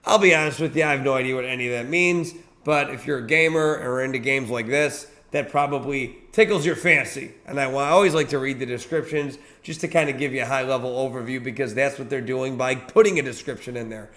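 A man hosting a daily online video show, chatting casually while clicking through websites, sleepy and yawning, with plenty of filler words. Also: mid-range voice. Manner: relaxed, chatty, reads descriptions aloud with filler words. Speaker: host of a daily crypto collectibles show. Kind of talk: casual screen-share commentary.

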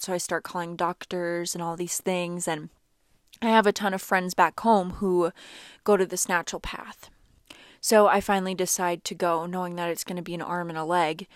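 In a studio-quality, echo-free recording, a young woman with a lowish voice shares a personal story for her vlog. She's chatty and animated, with lots of "like" fillers.

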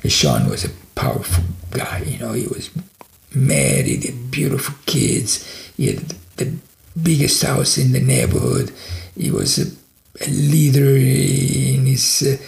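A man from Italy, telling a story in an animated way, full of restarts. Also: mid-range voice, measured pace, vocal fry, roomy sound. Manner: animated, with many restarts and fillers. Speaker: podcast guest.

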